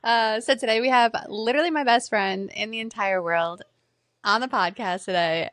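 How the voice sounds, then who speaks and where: A woman's voice: fairly high pitch, moderate pace, fairly bright tone, no room sound. Bubbly woman hosting a podcast, dry sound. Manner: bubbly, laughing, teasing. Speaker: podcast co-host. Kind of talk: casual podcast chat.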